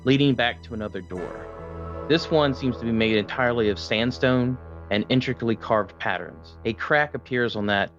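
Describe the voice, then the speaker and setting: A man narrating a tabletop game as game master, with steady, descriptive storytelling. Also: mid-range voice, moderate pace, highs cut off, soft background music.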